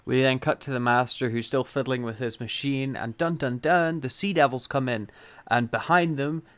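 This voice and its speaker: A man's voice: medium pitch, fairly even intonation, normal speed, a bit bright, smooth, no room sound. A man co-hosting a podcast in casual chat, recapping scenes with wry asides. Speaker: podcast co-host.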